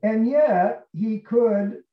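A man's voice: high voice, drawn-out words. A man tells an anecdote as an interview guest and slips into the voices of the people in it. He sounds far from the mic, in a roomy space, with a dull, muffled tone. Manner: animated, acts out quotes. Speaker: actor, guest. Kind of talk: storytelling in an interview.

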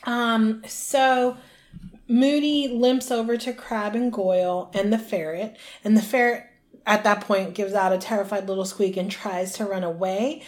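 This woman co-hosts a podcast, recounting a book chapter in relaxed conversation and voicing the characters' lines in quick, put-on impressions. Her voice is mid-range, steady and somewhat dark.

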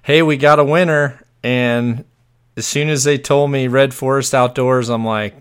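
Male podcast host, easygoing and upbeat, smooth resonant voice. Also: mid-range voice, steady tone, unhurried. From born on an army base in the US. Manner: upbeat, laughs easily. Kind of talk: casual chat.

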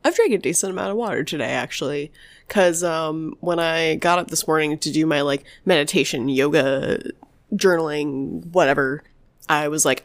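A woman's voice: low-pitched, moderate pace. A young woman co-hosting a podcast in casual chat, laid-back and slangy, often laughing. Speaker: podcast co-host.

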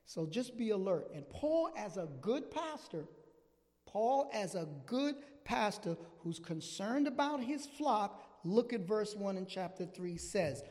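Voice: medium pitch, lively intonation, unhurried, a little mellow, in a large hall. A preacher giving a sermon with emphatic, repeated phrases, often checking in with listeners.

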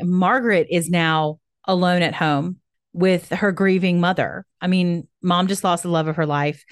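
Woman podcast co-host, young adult, lower register, relaxed storytelling delivery. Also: dry recording, studio quality. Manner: storytelling, leads the retelling with frequent "um" and "I mean". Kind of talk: casual history chat.

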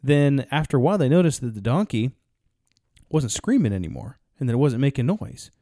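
A man's voice: medium pitch, sing-song, dark tone, no room sound, studio quality. Laid-back man telling a story. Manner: rambling, halting, with frequent restarts. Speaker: podcast co-host. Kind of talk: casual podcast talk, storytelling.

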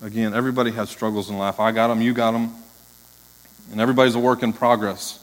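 A man's voice: medium pitch, little pitch movement, fast talker, in a large hall, rough recording. An interim pastor, a man, preaching a sermon in an earnest, heartfelt manner.

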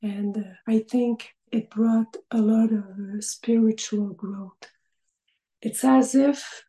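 Lady in her 50s, slow gentle talk, drifts into half whispers, roomy echo. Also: a little high. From French Canada. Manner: reflective, trailing into breathy half-whispers. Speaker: podcast guest. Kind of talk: personal recovery story. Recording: echoey room.

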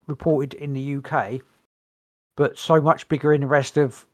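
A man's voice: fairly high pitch, level tone, moderate pace, no echo. A man co-hosting a podcast, reading notes aloud in a casual chat with wry, dry humour and the odd sigh. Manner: wry, dry humour, sighs between points. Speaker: podcast co-host.

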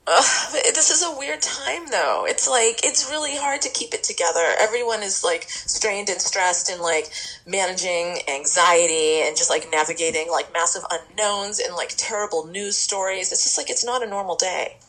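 A woman co-hosting a podcast, talking in a chatty, expressive way full of fillers. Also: on the low side, normal speed, poor audio. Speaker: podcast co-host. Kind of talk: casual podcast chat.

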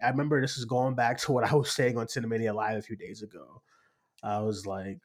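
A man's voice: medium pitch, little pitch movement, quick pace. A man hosting a casual chat show, riffing and laughing as he talks. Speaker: podcast host.

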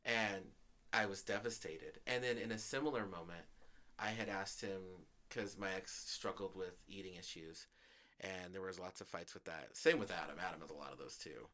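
Forceful low-voiced man, venting animatedly. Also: moderate pace. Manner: animated, venting, laughs often. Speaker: podcast co-host. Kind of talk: casual chat.

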